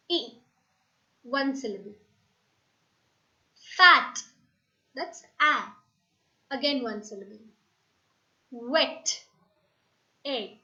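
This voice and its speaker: Bright high-voiced woman teaching grammar. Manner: patient, explains step by step, spells out letters. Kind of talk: classroom grammar lesson. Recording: dull lo-fi recording.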